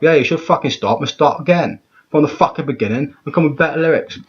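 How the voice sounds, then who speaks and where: A man with a husky, slightly breathy voice rants bluntly through a music reaction, swearing freely and circling back over his own words. The recording sounds dull and lo-fi. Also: fairly high pitch, quick pace. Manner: blunt, profane, exasperated, stumbles and repeats himself. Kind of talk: ranting reaction commentary.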